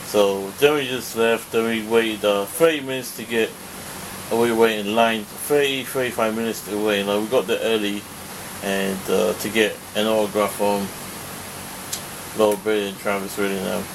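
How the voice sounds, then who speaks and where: A man's voice: lowish voice, noisy background. A man rambling through a casual vlog, full of fillers and restarts, swearing when annoyed. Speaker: vlogger.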